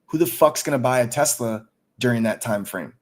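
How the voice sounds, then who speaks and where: A man's voice: mid-range voice, fairly quick. Hyped, cursing male stream host. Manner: excited, profane, hyped up. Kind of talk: casual livestream chat.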